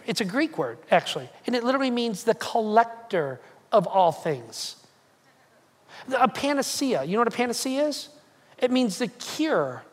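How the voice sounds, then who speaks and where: Role: pastor. Style: sermon. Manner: animated storytelling, acts out quoted lines, jokey asides. Pitch: middle. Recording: long hall reverb in a church sanctuary.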